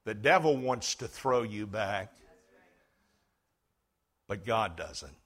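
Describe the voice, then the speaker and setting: A middle-aged male pastor preaching a folksy sermon, telling stories and swinging from loud emphasis to hushed tones. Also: lowish voice, lively intonation, takes it slowly.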